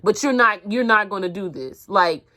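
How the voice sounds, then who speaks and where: A woman's voice: medium pitch, animated, normal speed, fairly bright tone. A mother venting in a vlog, heated and emphatic, repeating herself. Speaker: mother vlogger.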